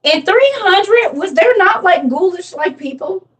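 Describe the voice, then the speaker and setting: Lively woman in her forties teaching scripture. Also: very high-pitched, measured pace, distant mic. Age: 40s. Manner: playful, quizzing the listeners. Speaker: Bible teacher. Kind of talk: casual Bible teaching.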